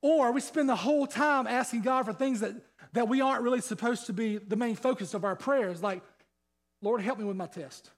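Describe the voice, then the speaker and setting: Fired-up high-voiced pastor preaching. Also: male voice, a little fast. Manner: fired-up, repetitive, rhetorical questions. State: sweating. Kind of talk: sermon.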